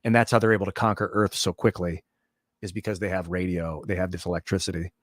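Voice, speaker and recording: A man's voice: deep voice, little pitch movement, fast, no room sound, studio quality. A man hosting a livestream, telling a long story in a loose, profane, rambling way with many restarts. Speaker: livestream host.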